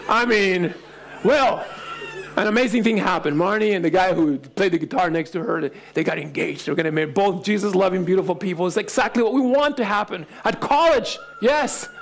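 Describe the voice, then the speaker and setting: Middle-aged male pastor, animated storyteller with a fairly high voice who laughs as he acts out voices. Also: brisk. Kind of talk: storytelling sermon to young adults.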